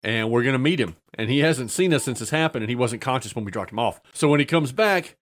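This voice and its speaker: A man's voice: medium pitch, lively intonation, fast. A man casually telling a funny tabletop-game story, padding it with filler sounds and breaking into laughter.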